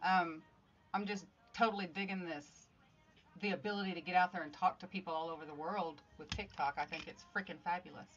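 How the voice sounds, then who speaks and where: A woman's voice: on the low side, fairly even intonation, a little fast, a bit bright. A woman hosting a casual livestream, chatting upbeat with viewers and greeting them by name while she works on crafts at home. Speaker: livestream host making craft art. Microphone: phone streaming live. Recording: slightly dull audio with faint music.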